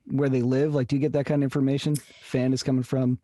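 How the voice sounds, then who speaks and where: A man's voice: mid-range voice, little pitch movement, fast, dark tone, dry recording, clean studio sound. A man hosting a podcast, asking questions in a hesitant, wry way. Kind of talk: casual podcast chat.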